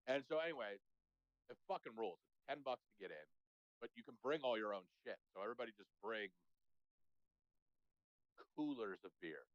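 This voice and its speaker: A man's voice: mid-range voice, animated, normal speed, long pauses, no room sound. A man co-hosting a casual sports chat, telling rambling, profane stories. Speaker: podcast co-host. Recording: dull, lo-fi sound.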